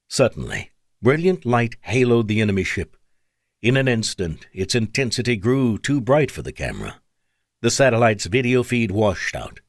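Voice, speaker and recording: A man's voice: mid-range voice, very animated, normal speed, no echo. A man narrating an audiobook in dramatic, scripted storytelling on a close studio mic.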